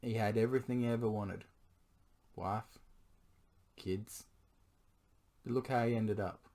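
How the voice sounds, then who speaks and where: A hoarse man who is losing his voice speaks in an earnest, pleading monologue aimed at his partner. He keeps stopping to clear his throat. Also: fairly low pitch, steady tone, measured pace, warm tone. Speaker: vlogger addressing his partner. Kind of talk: confessional monologue to camera.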